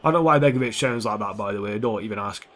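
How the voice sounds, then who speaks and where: A man's voice: fairly low pitch, very fast, a bit bright. A young man giving casual, sweary, sarcastic commentary over a football video game, talking back at the players on screen. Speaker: gaming YouTuber.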